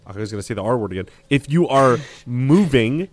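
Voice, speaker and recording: A young man with a mid-range voice jumps in with blunt, excitable remarks. He swears freely and keeps a loose, joking podcast tone. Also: medium pitch, fairly quick. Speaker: podcast co-host. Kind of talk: casual podcast banter.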